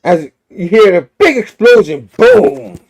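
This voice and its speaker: Guy recapping a comic, animated, makes boom pop noises, highish lively voice. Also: a little slow. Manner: animated, makes sound effects, laughs often. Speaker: comic book reviewer. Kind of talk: casual retelling of a comic.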